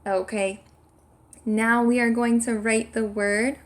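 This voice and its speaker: Speaking slowly in a slightly high, level voice, a woman teaches young kids their sight words. She spells out every word one letter at a time and offers encouragement, in the manner of a kindergarten classroom.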